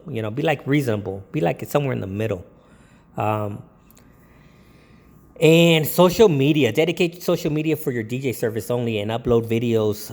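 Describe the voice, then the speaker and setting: Gravelly-voiced man DJ rambling casually. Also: medium pitch, a little mellow, long reverb tail. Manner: rambling, with many ums and jokey put-on quotes. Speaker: DJ giving business tips. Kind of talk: casual talk to camera.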